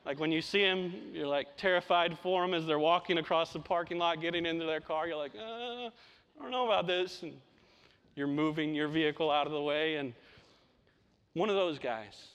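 A man's voice: fairly high pitch, steady tone, fairly quick, a bit bright, clear, resonant tone. A man preaching a sermon to his church, impassioned, often repeating words as he stresses a point. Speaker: pastor. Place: church sanctuary. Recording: long reverb of a hall.

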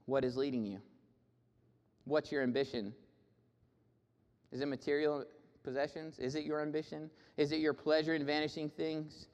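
A man preaching a sermon, moving between raised, emphatic declarations and quieter, conversational asides. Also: a little high, steady tone, normal speed, pauses often. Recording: reverberant hall.

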